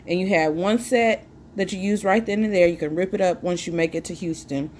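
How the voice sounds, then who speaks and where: A woman's voice: fairly low pitch, a little fast, darkish tone, a little hiss or hum. A woman, chatting casually and jokingly to her viewers. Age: 20s. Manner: chatty, joking, sips a drink while talking. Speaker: vlogger. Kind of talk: casual chat to camera.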